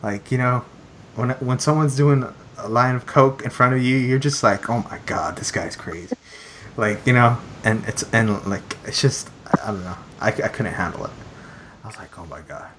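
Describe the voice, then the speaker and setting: A man's voice: mid-range voice, normal speed, fairly bright tone, a little hiss or hum. Rambling young man, casual chat. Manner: rambling, many fillers and repeated phrases.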